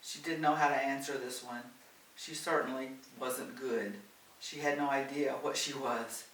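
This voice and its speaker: A man reading a novel aloud in a steady, gentle storytelling manner. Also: medium pitch, a little slow. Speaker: audiobook reader. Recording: roomy, distant, faint hiss.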